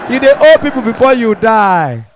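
A high-pitched young man doing stand-up with a Nigerian Pidgin accent. He performs with animated energy and jumps in and out of characters. It sounds like a handheld mic on a comedy stage. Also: normal speed, a faint crowd, slight background noise. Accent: Nigerian Pidgin English. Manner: animated, mimics characters, shifts between Pidgin and Yoruba. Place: stage in front of a live audience.

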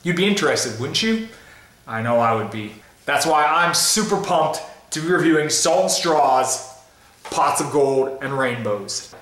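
Excited man reviewing food, roomy echo. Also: fairly high pitch, unhurried. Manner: upbeat, playful and excited; tasting ice cream while talking. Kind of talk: casual vlog review.

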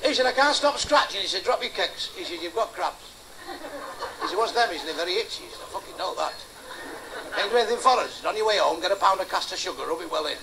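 This is a male comic's crude club set, full of dirty jokes and jabs at the audience. He speaks fast in a high, expressive voice, captured on a noisy live recording.

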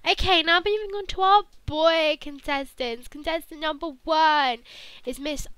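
A woman's voice: high voice, a little slow, fairly bright tone, no room sound, rough recording. A young woman commentating on a life-sim game in a sarcastic, playful, mock-blunt way. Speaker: gaming channel host.

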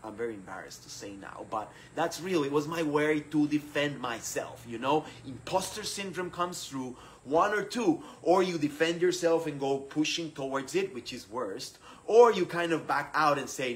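A man from Rica, telling a personal story in an animated way, laughing and acting out what others said. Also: on the high side, moderate pace, few pauses, rough recording. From Costa Rica. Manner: animated, acts out quoted voices, laughs often. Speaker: speaker sharing his personal story.

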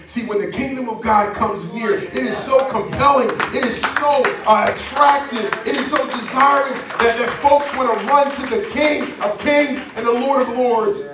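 Male pastor, high voice, fervent sermon delivery; echoey sanctuary, distant pickup. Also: moderate pace, hardly any pauses, background noise. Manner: fervent preaching with call-and-response from the congregation. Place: church sanctuary. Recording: echoey church sound from a distance.

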